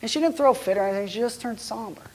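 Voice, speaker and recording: Hushed, conversational male pastor. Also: high voice, very fast. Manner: conversational, dropping to hushed, near-whispered tones; frequent restarts and stammers. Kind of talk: storytelling sermon.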